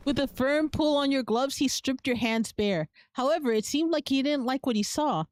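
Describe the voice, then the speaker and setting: A woman's voice: high-pitched, lively intonation, moderate pace, hardly any pauses, a little mellow, soft background music. A woman streamer reading a story game aloud, narrating evenly and laughing at the scenes. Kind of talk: game narration and live reactions.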